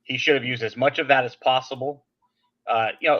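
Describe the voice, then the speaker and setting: Guy hosting a podcast, ranting through a story, mid pitch, kinda muffled lo-fi sound. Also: a little fast. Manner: animated storytelling, venting about a seller. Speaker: podcast host. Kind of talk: casual podcast chat.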